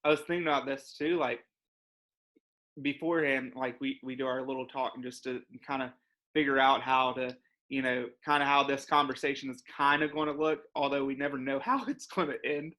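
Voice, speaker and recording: Young guy, bright voice, rambly and chatty, says like a lot, church podcast. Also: medium pitch, steady tone, brisk. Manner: rambling, lots of "like" and laughs. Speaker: co-host. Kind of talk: casual church podcast conversation.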